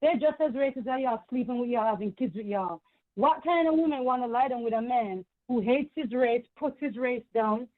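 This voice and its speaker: Woman caller, high voice, emphatic and repetitive, tinny dry phone line. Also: normal speed, no room sound. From Caribbean. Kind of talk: heated call-in rant.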